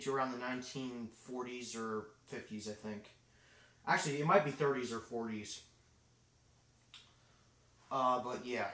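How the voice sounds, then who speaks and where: A man chatting casually on a live stream while working with his hands, rambling with lots of fillers. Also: on the high side. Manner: rambling, filler-heavy, thinking aloud. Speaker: live streamer, fire alarm hobbyist. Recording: roomy echo.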